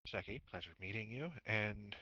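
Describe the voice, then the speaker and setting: Brief: man, lowish voice, quiet and understated in-character roleplay talk. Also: moderate pace, dry recording, highs cut off. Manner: low-key and quiet, keeping a cover.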